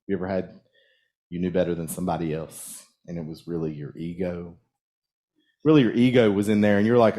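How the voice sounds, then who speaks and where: A man with a lowish voice preaches a casual sermon from the pulpit. He talks loosely and haltingly, restarting phrases and asking the congregation questions as he goes. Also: dark tone. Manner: conversational, halting with restarts, asks the audience questions. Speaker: minister. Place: church sanctuary.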